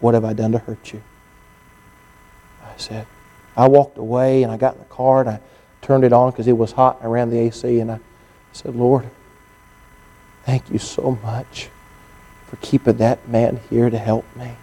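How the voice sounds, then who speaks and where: A male pastor preaching a sermon, telling stories and acting out what others said to him, often rising to an excited, strained pitch. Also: moderate pace, pauses often. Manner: storytelling preacher, climbing to high excited pitch when quoting others.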